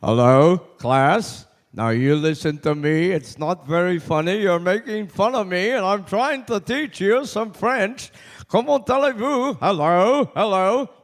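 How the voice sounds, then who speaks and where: A man's voice: high voice, a little slow, long reverb tail, pitched above the performer's own voice. A man putting on a flustered, scolding French teacher. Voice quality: funny voice. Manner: indignant, scolding the class. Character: fussy male grade-school French teacher, flustered.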